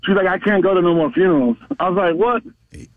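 A man calling in to a radio show from his car on the highway, telling a rambling story. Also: fast talker, dry recording. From Florida. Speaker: caller. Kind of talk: casual phone call to a radio show. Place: in a vehicle on the highway. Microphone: phone. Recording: tinny dry phone line.

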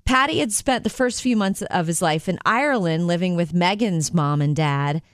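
A woman co-hosting a casual chat show, upbeat and quick to laugh as she introduces stories. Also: on the low side, clear, resonant tone, no room sound, studio quality. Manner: upbeat, laughs often, teases co-host. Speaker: co-host.

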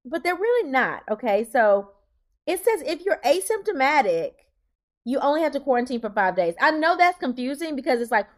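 A woman co-hosting a podcast who works in healthcare, explaining things in a plain, emphatic, animated way. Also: a little high. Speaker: podcast co-host, healthcare worker. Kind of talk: casual podcast chat.

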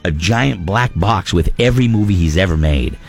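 Gravelly, animated male radio host. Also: deep voice, normal speed, soft background music. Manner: animated, opinionated banter. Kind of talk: casual radio talk.

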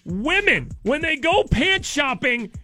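Man, radio host, casual banter, playful, bright tone, light music behind. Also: very high voice, slow. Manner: animated, playful, laughs often.

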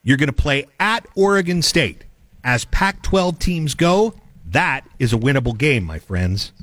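A man's voice: fairly high pitch, no room sound. A man co-hosting a local talk radio show, chatting casually and running through sports predictions. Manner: upbeat, animated sports talk.

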